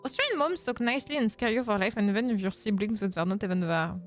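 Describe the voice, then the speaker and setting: A woman's voice: mid-range voice, fast, faint music behind. A woman from France with a French accent, chatting casually on a live Q&A stream, reading chat and laughing often. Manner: reads chat aloud, laughs often, playful teasing. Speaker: vtuber streamer.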